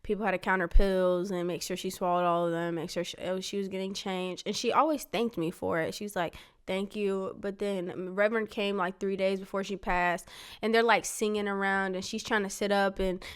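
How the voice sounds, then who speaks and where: Smooth-voiced young woman telling a story. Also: medium pitch, fairly even intonation, moderate pace. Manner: rambling storytelling full of "like"; retells others' words in quoted dialogue. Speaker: daughter talking with her father. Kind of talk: casual family conversation.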